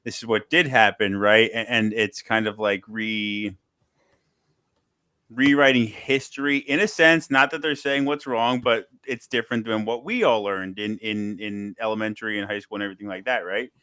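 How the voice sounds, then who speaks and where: A man's voice: fairly low pitch, fairly even intonation, pushed and bright, smooth, no echo, studio quality. A man hosting a casual podcast chat, who stumbles and repeats words before finding his point. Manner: halting, repeats words before getting going.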